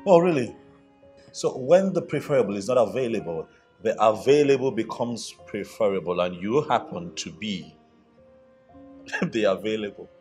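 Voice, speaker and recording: A man's voice: lowish voice, expressive, normal speed, darkish tone, soft background music, lightly acted. An actor with a Nigerian accent playing a persistent, smug, flirtatious male office colleague in a film. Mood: dismissive. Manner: persistent, cajoling, laughs at others. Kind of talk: Nollywood film acting.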